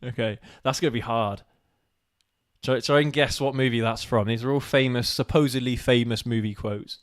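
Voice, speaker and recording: A man's voice: medium pitch, steady tone, moderate pace, dry recording. A man co-hosting a live stream with casual chat, laughing often and stumbling over restarts. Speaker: live show co-host.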